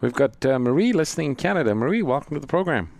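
A man co-hosting a radio Bible program as a pastor, explaining calmly and introducing callers. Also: medium pitch, fast, creaky, dry recording. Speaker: pastor and co-host.

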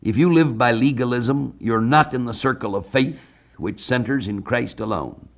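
A man from the United States with a mid-range voice preaches a radio sermon expounding a Bible passage. His delivery is measured, and he slows down to read scripture aloud.

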